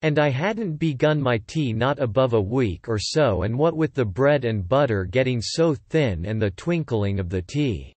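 A man's voice: medium pitch, expressive, moderate pace, hardly any pauses, darkish tone, dry recording, lightly acted. A man doing a trembling, nervous hatter. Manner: shaky, pleading.

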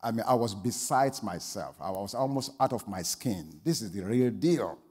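A pastor preaching a sermon, telling a story that swings from quiet asides to loud exclamations. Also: male voice, on the low side, lively intonation, normal speed, husky, big-room sound.

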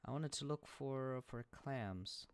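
A man's voice: medium pitch, slow, clean tone. A man streaming a video game, casually muttering and chanting little sing-song lines about what he is doing. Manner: sing-song, hums and chants his actions; playful, muttering to himself.

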